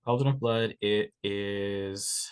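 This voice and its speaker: A man playing in a tabletop role-playing game, talking through his character's moves with many pauses and fillers. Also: fairly low pitch, smooth. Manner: hesitant, many fillers and restarts while planning moves. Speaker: player.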